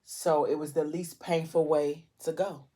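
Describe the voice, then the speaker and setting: A woman's voice: low voice, fairly even intonation, unhurried, dark tone, husky. A woman vlogger retelling a novel's plot in a casual, emotional way, with lots of fillers. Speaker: book vlogger. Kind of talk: casual book recap while eating.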